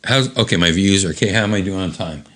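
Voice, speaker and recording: A man hosting a show, reading a comic book aloud with commentary, jumping into high character voices and chuckling at the jokes. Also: fast talker, fairly bright tone. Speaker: host.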